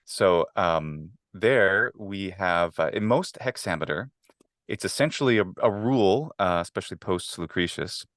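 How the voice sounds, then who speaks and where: A man's voice: sits low, expressive, unhurried, a bit bright, no echo, studio quality. A man being interviewed about Latin, talking eagerly in a casual way, with many fillers and restarts. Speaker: guest, Latin teacher.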